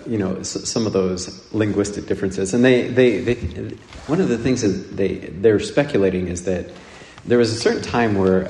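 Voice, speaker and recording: A man from Nebraska gives a chatty, rambling sermon, halting often to restart his thoughts. His voice sits a little low. It rings through a roomy church with a long reverb and faint background noise. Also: darkish tone. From Nebraska, USA. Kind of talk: conversational homily.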